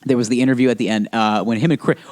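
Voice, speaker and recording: A man's voice: mid-range voice, steady tone, very fast, a little mellow. A man co-hosting a podcast in casual chat, rambling, laughing and swearing as he goes. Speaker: podcast co-host.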